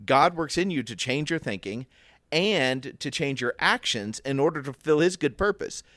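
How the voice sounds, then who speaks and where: A man's voice: a little high, animated, moderate pace, fairly bright tone, no room sound, studio quality. A man co-hosting a casual Bible discussion podcast, thinking aloud and acting out the questions in his head. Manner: reflective, thinks aloud with restarts and acted inner questions. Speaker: podcast co-host.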